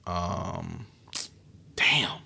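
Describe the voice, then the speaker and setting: A man's voice: deep voice, animated, very slow, creaky, sharp tone, slightly rough. A man from the United States co-hosting a podcast in loose, laid-back casual chat with many fillers. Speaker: podcast co-host.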